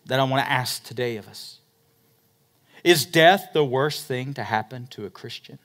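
A middle-aged pastor with a mid-range voice preaches a sermon, shifting between loud, emphatic stretches and quiet, slow ones.

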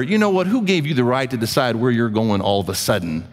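A man preaching a sermon as a pastor, in an animated, conversational way with joking asides. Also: mid-range voice, brisk. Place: church hall. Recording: hall reverb.

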